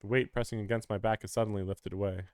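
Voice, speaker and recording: A man's voice: on the low side, steady tone, quick pace, darkish tone. A man streaming a visual novel, reading its text aloud and breaking off into wry, chatty commentary.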